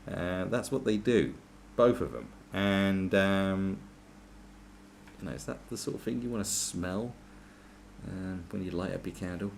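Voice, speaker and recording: Brief: man, low and gravelly, animated sarcastic comedy rant, faint hiss. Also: measured pace. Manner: sarcastic, mocking, lots of restarts. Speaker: podcast host.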